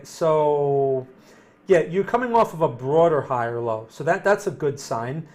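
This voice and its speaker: A man hosting a casual live session, answering viewer questions while he reads trading charts aloud in a conversational, think-aloud way. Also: fairly high pitch. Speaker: trading analyst host.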